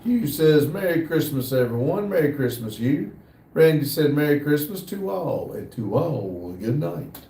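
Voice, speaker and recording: An easygoing American livestream host with a fairly high-pitched, darkish voice reads viewer comments aloud in a casual live chat. He sounds hesitant, often pausing on "uh." He's off the mic in a roomy workshop building near a shop area, so the sound is distant and spacious.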